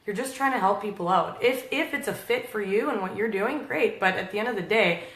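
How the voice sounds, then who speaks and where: A woman's voice: mid-range voice, brisk. Easygoing woman in an echoey room. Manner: relaxed, agreeing, with filler words. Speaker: co-host, business partner. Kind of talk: casual business chat.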